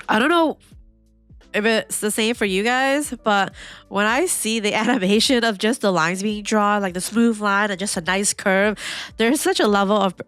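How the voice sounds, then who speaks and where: A woman talks her way through an anime episode in a loose, excitable reaction style, full of "like" fillers. Her voice is smooth and clear, recorded dry and close. Faint music plays underneath. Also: medium pitch, no echo. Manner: chatty and excitable, lots of "like" fillers, gasps and laughs. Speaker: anime reaction channel host. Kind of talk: casual reaction commentary.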